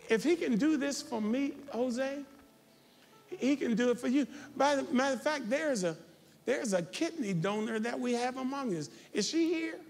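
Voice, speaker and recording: A man preaching a sermon as pastor, talking straight to his congregation and building to shouted, confrontational calls. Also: very high-pitched. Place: large church sanctuary. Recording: reverberant church sanctuary.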